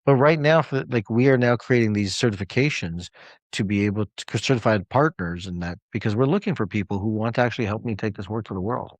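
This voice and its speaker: A man's voice: lowish voice, fast, dry recording. A man coaching clients on a live call, telling a story in an emphatic, conversational way.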